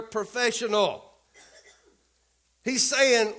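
A man's voice: high voice, lively intonation, slow, pauses often, a bit bright. A male pastor preaching a sermon, emphatic and punchy, often turning to the congregation with asides and questions.

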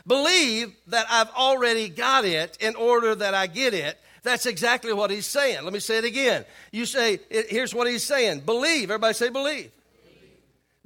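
A male pastor preaching a sermon, calling on the congregation to respond and repeating key phrases. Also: extremely high pitch. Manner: animated, acts out voices of worried believers.

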